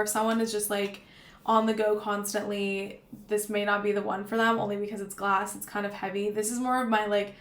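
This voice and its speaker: A young woman talks casually and loosely to camera, filling her sentences with little fillers and restarts. Her voice sits at an ordinary middle pitch. The room around her is noticeably echoey. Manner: chatty, rambling, lots of fillers. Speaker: vlogger. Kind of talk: casual gift-guide talk to camera. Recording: roomy echo.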